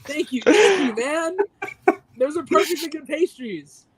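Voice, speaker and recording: A man's voice: very high voice, animated, measured pace, very noisy. A man co-hosting a casual podcast, delivering a heated, profanity-filled mock rant. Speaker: podcast co-host.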